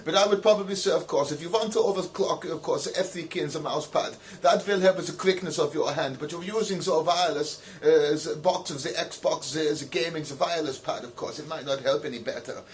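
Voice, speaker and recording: A man answering viewer letters in a rambling, mock-earnest way, filling every pause with "of course" and putting on pompous sincerity. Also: fairly high pitch. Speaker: comedy video host reading letters.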